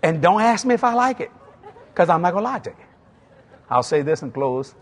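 Animated Cajun preacher in his sixties. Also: sits high, a little fast. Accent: Cajun, South Louisiana. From South Louisiana. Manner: animated, acts out both sides of dialogues, chuckling asides. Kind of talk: humorous sermon storytelling.

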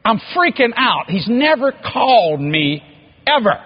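A man's voice: very high voice, big pitch swings, a little slow, husky, muffled recording. A man, a pastor telling a story in a sermon, acting out the dialogue and laughing often. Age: 50s.

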